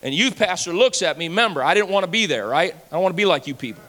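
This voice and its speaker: A man's voice: high voice, expressive, fast, pushed and bright, big-room sound. A man in his fifties preaching a sermon as pastor, telling stories conversationally and acting out dialogue with repeated words.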